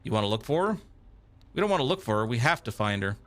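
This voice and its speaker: A man voicing a loud, rowdy drunk man in a green superhero costume, screaming his lines. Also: mid-range voice, very animated, quick pace, soft background music.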